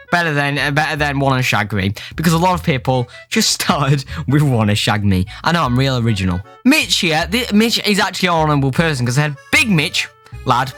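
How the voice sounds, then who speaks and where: A man's voice: fairly high pitch, bright, forceful tone. A young man reading out dating-app chats in a jokey, sweary comic commentary. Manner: jokey, swearing, quick shifts into mock voices. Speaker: YouTuber. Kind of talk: comedic commentary reading chat messages. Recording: faint music behind.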